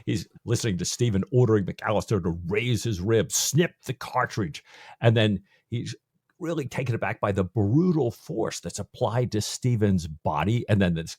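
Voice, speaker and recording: A man's voice: on the low side, darkish tone, breathy edge, no room sound, clean studio sound. A man co-hosting a podcast, chatting casually about a novel and retelling scenes in an easy, agreeable way. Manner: chatty, quick to laugh and agree. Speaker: podcast co-host. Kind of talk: casual book discussion.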